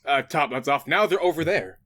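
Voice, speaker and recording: A man's voice: a little high, expressive, a little fast, fairly bright tone. A man co-hosting a comedy podcast, rambling and restarting as he overthinks jokes. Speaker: podcast co-host. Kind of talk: comedic banter.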